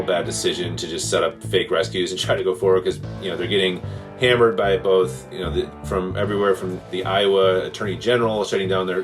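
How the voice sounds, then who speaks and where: Male lawyer interviewee, very low voice, halting delivery over faint music. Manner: halting, repeats words while thinking. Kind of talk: interview answers.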